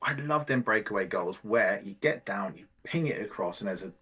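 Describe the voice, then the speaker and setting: Husky-voiced, blunt male podcast co-host. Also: fairly low pitch, lively intonation, brisk, pushed and bright. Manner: blunt, opinionated, swears casually. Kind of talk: casual fan podcast chat.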